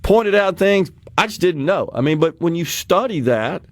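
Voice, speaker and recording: A man talking on a radio talk show with a fairly high voice, chatty and animated, often breaking into a laugh. The sound is close and dry, as from a studio microphone. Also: normal speed, no room sound.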